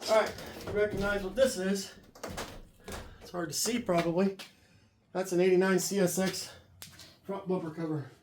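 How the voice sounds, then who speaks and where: A man's voice: high-pitched, steady tone. A man unloading a trailer of car parts outdoors in the cold, out of breath and talking while he works. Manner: talks while lifting and hauling, breathy pauses. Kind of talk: casual narration while working. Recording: echoey, distant camera audio with clear noise.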